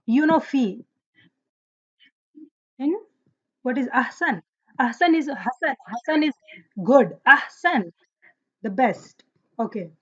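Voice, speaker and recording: In dull, lo-fi audio, a woman with a high, husky, slightly bright voice teaches an online Arabic grammar class. She speaks slowly and animatedly with long pauses, quizzing students, praising their answers and reciting Quranic verses.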